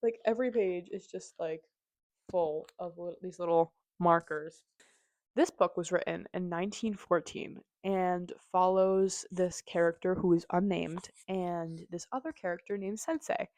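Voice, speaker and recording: A woman's voice: fairly low pitch, fairly even intonation, a little slow, a little mellow, no echo. A woman hosting a casual book review chat, gushing and chatty with lots of "like" and "um". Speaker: book reviewer, channel host.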